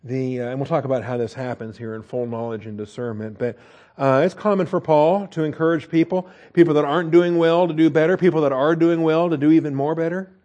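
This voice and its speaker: A man's voice: a little high, steady tone, a little fast, a little mellow, lo-fi sound. A man teaching a verse-by-verse Bible study in a casual, conversational way, with frequent fillers, restarts and "okay?" checks. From United States.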